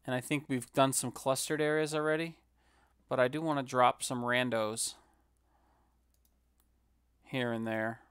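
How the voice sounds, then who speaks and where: A man's voice: mid-range voice, steady tone, measured pace, long pauses, fairly bright tone, smooth, no echo. A man casually commenting while building on a live stream, joking and rambling with self-mocking asides.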